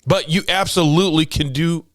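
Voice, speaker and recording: A man's voice: on the high side, fairly even intonation, normal speed, no echo, clean studio sound. A man in his forties hosting a casual solo podcast from his home office, jokey and motivational in tone. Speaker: podcast host.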